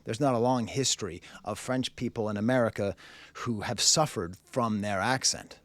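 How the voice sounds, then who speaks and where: A man's voice: on the low side, normal speed, no echo. Rambling man reviewing music. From Boston, US. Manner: rambling, fillers like "you know" and "uh". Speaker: music review show host, French professor. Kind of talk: casual video commentary.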